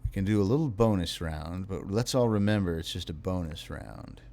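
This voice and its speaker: A tired young man live-streaming, reading viewer messages aloud in a wry, unhurried way. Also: sits low, animated, vocal fry, mellow, slight background noise.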